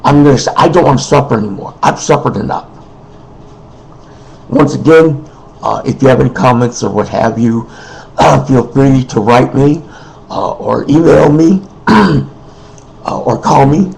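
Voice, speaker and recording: A man speaking in an unscripted personal monologue, emotional and weary, halting, repeating himself and often clearing his throat. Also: mid-range voice, a little mellow, low-quality recording. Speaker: person making a personal appeal.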